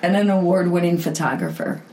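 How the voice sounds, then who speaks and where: A woman's voice: on the low side, expressive, fairly quick, a little mellow, reverberant, a little hiss or hum, poor audio. A woman hosting a podcast interview, playful and teasing, laughing often. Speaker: podcast host. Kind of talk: casual interview chat.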